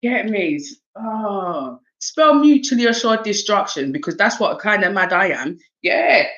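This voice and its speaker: Unhurried and medium in pitch, a woman with a South East London accent gives an animated oracle card reading in a casual livestream chat. She laughs often and swears, using streetwise slang, in lo-fi sound.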